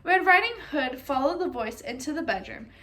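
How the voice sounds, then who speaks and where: A woman reading a children's storybook aloud, expressively, pausing to ask her listeners questions. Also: high-pitched, expressive, bright, forceful tone.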